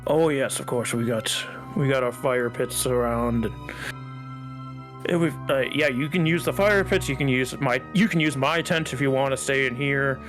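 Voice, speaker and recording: A man playing a gruff, blunt female orc tribal chief in a tabletop game. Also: mid-range voice, normal speed, over music, natural voice. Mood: matter-of-fact. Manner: blunt, plain-spoken, down-to-earth. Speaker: game master.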